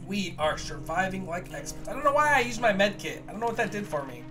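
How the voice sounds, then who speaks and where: A man's voice: high-pitched, big pitch swings, fast, music in the background. A man hosting a let's play of a survival game, reading its text aloud with mock drama and joking at his own slips. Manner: jokey, reads game text with mock drama, laughs at himself.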